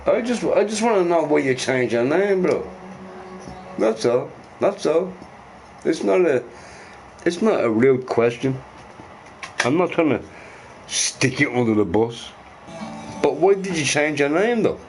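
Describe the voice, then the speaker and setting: A man's voice: a little high, expressive, a little slow, pauses often, a little mellow. A middle-aged man chatting casually and profanely on a live stream, rambling and repeating himself, with faint music behind.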